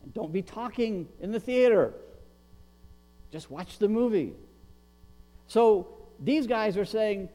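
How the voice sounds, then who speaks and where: A man preaching a sermon as pastor, animated, acting out a shouting crowd and pleading beggars. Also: sits high, slow, long pauses. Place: church sanctuary. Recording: long reverb with mains hum.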